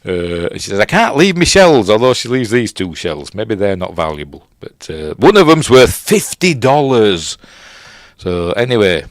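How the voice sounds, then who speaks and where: A man's voice: on the low side, big pitch swings, normal speed, no echo, clean studio sound. Chatty Yorkshire man reviewing a film. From Yorkshire, England. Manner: rambling, chatty, self-correcting with chuckles and fillers. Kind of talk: casual film commentary with live chat.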